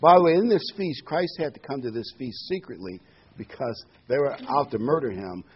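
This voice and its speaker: A man's voice: mid-range voice, animated, moderate pace, a little hiss or hum. A man preaching a sermon, earnest and emphatic, repeating key words with occasional ums. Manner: earnest, emphatic repetition with fillers. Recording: dull lo-fi recording.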